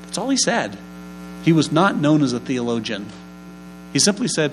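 A man's voice: a little high, very animated, normal speed. A male pastor telling stories in a sermon, with emphatic rising bursts of energy, then leading a prayer. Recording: faint mains hum.

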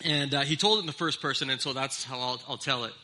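A man's voice: medium pitch, quick pace, sharp tone. A middle-aged man preaching a sermon as pastor, earnest and conversational, with small restarts as he speaks. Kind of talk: sermon with opening prayer.

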